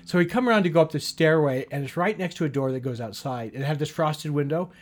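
A talkative man with a fairly light, slightly high voice. He tells his story in loose, casual conversation, moving from plain narration into quoted lines of dialogue. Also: fast talker. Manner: chatty, acts out dialogue with "she goes" and "I go". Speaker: guest telling a story.

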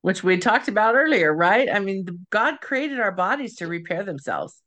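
Female show host, bright and crisp. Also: mid-range voice, very animated, moderate pace. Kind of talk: casual interview chat.

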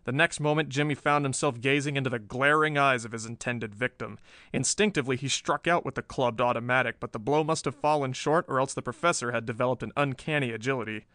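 Male audiobook narrator, mid-pitched, measured pulp-thriller read, dry booth sound. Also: a bit bright, no echo.

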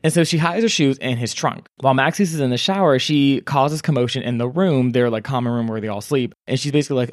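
A man's voice: mid-range voice, fast talker, few pauses, dry recording, studio quality. A man co-hosting a book club podcast, casually summarizing a plot and acting out the characters' lines. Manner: animated retelling, acts out characters' lines.

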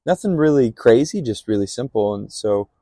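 A man's voice: medium pitch, animated, normal speed, dark tone, no echo, clean studio sound. A young man casually telling a personal testimony on a podcast, rambling with fillers and acting out remembered dialogue. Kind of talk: casual storytelling.

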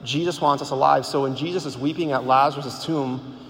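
Speaking fairly quickly in a steady, medium-pitched voice with a bit of brightness, this man addresses a Catholic gathering in an informal sermon. His conversational style is full of "like," repeated words, and rhetorical questions, heard through long hall reverb and faint background noise.

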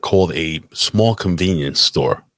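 A young man in casual podcast banter, crude and teasing, reacting with loud disbelief. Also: low-pitched, expressive, a little slow, dry recording, studio quality. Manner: crude, teasing, incredulous interjections. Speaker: podcast co-host.

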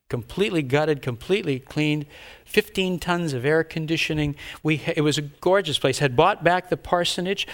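An older man, a pastor, telling a story in a sermon with animated, dramatic delivery and sudden loud outbursts. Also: on the high side.

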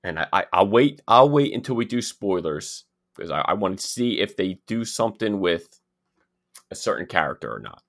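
A man co-hosting a casual show chat, halting and repeating his words as he talks. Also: low-pitched, big pitch swings, a bit bright. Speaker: podcast co-host.

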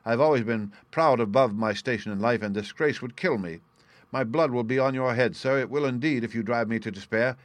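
A man voicing a proud butler in disgrace who pleads in a voice hoarse with emotion. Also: medium pitch, brisk, no echo, close to an everyday voice. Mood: pleading.

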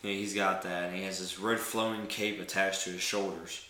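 A man narrating as game master of a tabletop game, describing scenes in a relaxed, loose way that often breaks into laughter. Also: deep voice, normal speed, roomy sound, a little hiss or hum.

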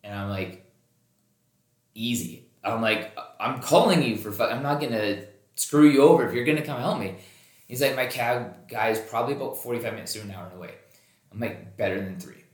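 A man's voice: mid-range voice, normal speed. Man, podcast host, casual storytelling, acts out quoted lines, swears a lot, echoey room sound. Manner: animated, acts out quoted dialogue, swears freely. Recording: roomy echoey recording.

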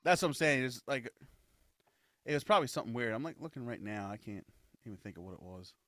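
A man's voice: medium pitch, animated, fast, fairly bright tone, dry recording, studio quality. A man co-hosting a casual podcast, swearing freely and laughing as he quotes comedy sketches. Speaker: podcast co-host.

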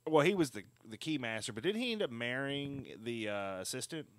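A man co-hosting a casual movie podcast, excitable and swearing freely. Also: mid-range voice, a little fast. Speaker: podcast co-host. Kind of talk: casual chat.

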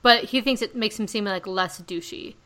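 A woman hosting a pop culture podcast, chatting casually and telling animated stories. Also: mid-range voice, normal speed, low-quality recording. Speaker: podcast host. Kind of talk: casual chat.

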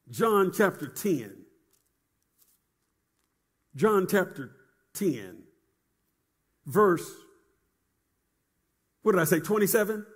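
A man's voice: high-pitched, fairly bright tone, husky. A man preaching a sermon in a chanting, sing-song cadence, repeating phrases and calling on the congregation to answer.

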